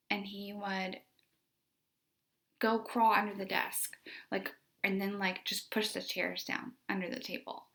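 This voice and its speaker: A woman's voice: mid-range voice, pushed and bright. A young woman, a special education teacher, telling a story from her classroom in a casual, conversational way, full of "like" and "you know".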